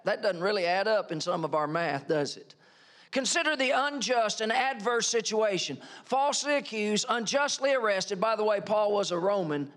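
A middle-aged man preaching a sermon as a pastor, emphatic and animated, full of rhetorical questions. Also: high voice.

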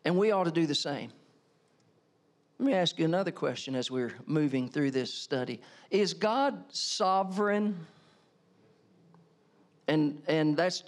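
A middle-aged man preaching a sermon as a pastor, emphatic and animated, full of rhetorical questions. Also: fairly high pitch.

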